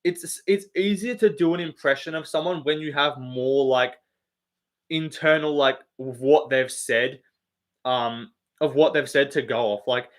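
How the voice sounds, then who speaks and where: A young man with an Australian accent, talking casually on his live stream. His voice sits a little high, and he rambles through fillers, swears freely and laughs often. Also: a little slow. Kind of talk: casual chat reading live comments.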